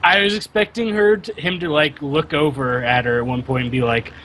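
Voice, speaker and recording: A man's voice: on the high side, steady tone, a little fast, a bit bright, slight background noise, low-quality recording. A man co-hosting a podcast in casual chat, blunt and dismissive. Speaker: podcast co-host.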